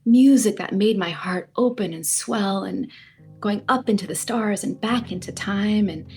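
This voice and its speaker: A woman's voice: medium pitch, measured pace, darkish tone, slightly rough. Woman guest, heartfelt storytelling, vivid, music behind. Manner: vivid, heartfelt, laughs between phrases. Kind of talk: personal storytelling in conversation.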